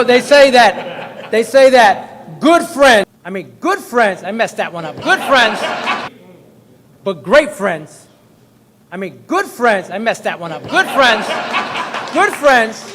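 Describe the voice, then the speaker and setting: A man, a state representative, giving a jokey, effusive speech at a press event. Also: noisy background. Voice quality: high-pitched, booming, jokey and effusive. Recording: long hall reverb.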